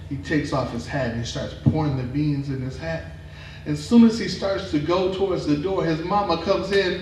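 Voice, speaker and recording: A man telling a folktale live at a performance venue, expressive and dramatic, drawing out words. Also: a little high, normal speed, a little hiss or hum. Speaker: storyteller. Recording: echoey room from a distant mic.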